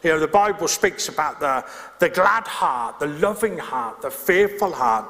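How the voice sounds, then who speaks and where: A slightly high, somewhat bright voice belongs to a middle-aged male pastor preaching in an animated way at a measured pace. His conversational sermon, recorded in a reverberant church hall, includes restarts and asides to the congregation.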